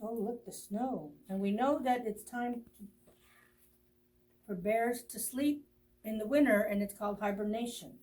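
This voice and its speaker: A woman librarian reading a picture book aloud to children, with expressive pauses, gasps and friendly asides to her young listeners. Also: a little high, recorded from a distance. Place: library storytime video.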